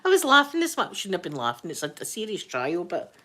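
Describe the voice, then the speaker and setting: A woman's voice: fairly low pitch, wildly swooping pitch, a little fast, pushed and bright. A Scottish woman chatting casually on a live stream, rambling through stories and laughing often. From Scotland. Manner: chatty, rambling storyteller who laughs a lot.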